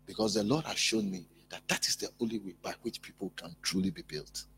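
A male pastor preaching a sermon in an emphatic, repetitive way, building up to loud peaks. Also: fairly low pitch, a little fast, slight background noise.

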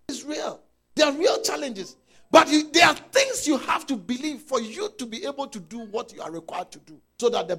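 A male pastor preaching a sermon, emphatic and repeating key lines, swinging between shouted peaks and low murmurs. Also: breathy edge.

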